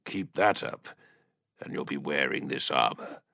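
A man voicing a huge armored male warrior giant who speaks in a low, vox-filtered machine growl, amused and stern. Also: expressive, unhurried, vocal fry, pushed and bright, no echo, studio quality, heavily acted. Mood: approving.

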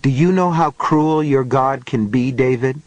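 A man voicing a resolute grown man in an audiobook, shouting urgently and then speaking gravely and firmly. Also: medium pitch, measured pace, no echo, dull audio, lightly acted.

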